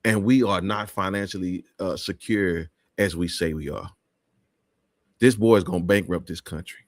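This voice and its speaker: A man's voice: low voice, normal speed, dry recording, clean studio sound. A man hosting a live talk show, speaking in an emphatic, preachy way with many restarts.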